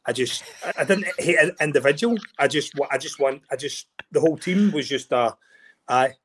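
A Scottish man, a former rugby player, chatting as a guest, excitable and animated, often repeating and restarting words. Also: a little high, normal speed, a little hiss or hum. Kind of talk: casual chat.

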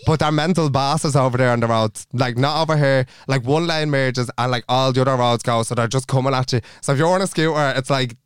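Young Irish male podcast co-host, rapid animated storyteller, clean voice. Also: mid-range voice, clean tone, dry recording, studio quality. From Ireland. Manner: animated, swearing, acts out quotes. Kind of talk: casual chat, storytelling.

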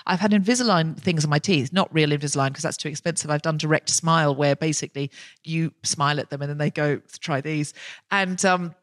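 A woman's voice: sits low, brisk, no echo, studio quality. A woman hosting a live comedy podcast, telling a rambling self-mocking story in casual chat. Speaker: podcast host. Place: live show on stage.

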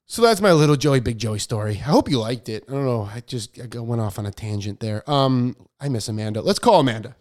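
A man's voice: mid-range voice, lively intonation, fairly quick, hardly any pauses, darkish tone. A man hosting a podcast, telling a story in casual chat, rambling with lots of fillers and poking fun at himself. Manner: rambling, filler-heavy, self-deprecating. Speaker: podcast host.

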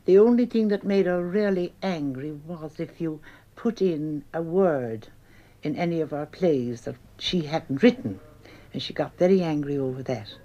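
A woman's voice: sits low, moderate pace, mellow. A woman, a former stage actress, reminiscing plainly and earnestly about rehearsals in an old archive recording. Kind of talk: archival interview recollection. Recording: muffled archival broadcast.

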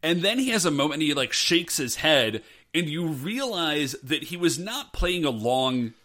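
A man with a fairly high voice co-hosts a casual podcast, recapping a show episode at a moderate pace. He's animated, acting out the characters' quoted lines.

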